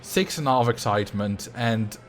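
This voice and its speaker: A man's voice: medium pitch, expressive, normal speed, a little hiss or hum. A man streaming a game live, chatting casually and rambling as he answers his chat. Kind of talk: casual live gameplay commentary. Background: faint game music.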